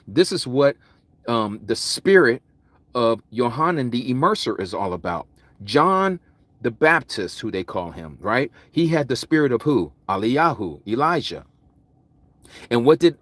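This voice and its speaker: A man preaching a Bible study sermon, loud and vigorous, with mounting intensity. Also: medium pitch, dry recording. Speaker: Hebrew Roots Bible teacher. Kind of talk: impassioned livestream sermon.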